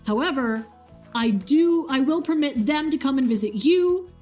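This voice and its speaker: A woman's voice: high-pitched, animated, moderate pace, darkish tone, faint music behind. A woman voicing an invisible god husband who earnestly lays down his one rule. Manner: earnest, pleading.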